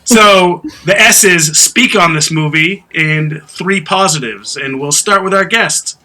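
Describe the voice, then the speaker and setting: A man hosting a casual podcast, animated, laughing often and acting out quotes loudly. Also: high-pitched, a little slow. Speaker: podcast host.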